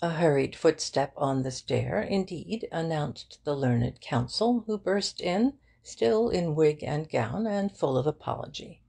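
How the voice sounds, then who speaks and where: A woman narrating a detective novel audiobook with a measured, even delivery. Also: low voice, gravelly, slightly rough. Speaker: audiobook reader. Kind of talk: scripted narration.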